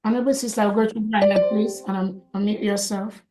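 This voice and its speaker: A woman's voice: medium pitch, fairly even intonation, quick pace, poor audio. A woman moderating an online meeting, politely calling on speakers to introduce themselves.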